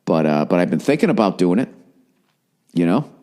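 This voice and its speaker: A man's voice: very animated, a little fast. Profane ranting man with a Boston accent. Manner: profane, ranting, swings between loud gripes and low mutters. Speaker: podcast host. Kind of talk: casual comedic podcast rant.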